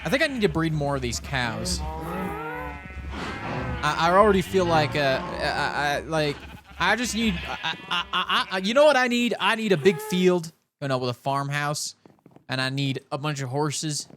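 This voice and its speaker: A young man from California streaming a game, chatting in a rambling way and talking with a soft put-on Southern cowboy drawl. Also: on the high side, expressive, moderate pace. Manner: rambling, chatty, self-interrupting. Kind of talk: casual live-stream chat while gaming.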